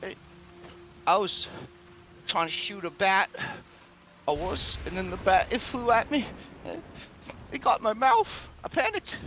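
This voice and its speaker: Flustered, stammering skeleton minion, high and squeaky. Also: male voice, very animated, unhurried, pauses often, pushed and bright, a little hiss or hum, heavily acted. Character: clattering clumsy male skeleton guard.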